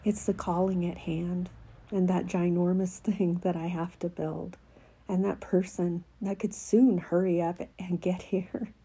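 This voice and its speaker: A woman with a crackly voice reads a devotional she wrote and then reflects on it, heartfelt and halting, sometimes sinking to a soft whisper. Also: on the low side, level tone, husky. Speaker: devotional writer.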